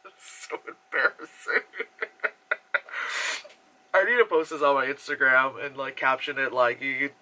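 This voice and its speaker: Bright-voiced, swearing young American man. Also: mid-range voice, measured pace, long pauses. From New Jersey, USA. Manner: casual, swears freely, laughs often, animated impressions. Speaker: vlogger. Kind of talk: voice-over commentary on travel footage.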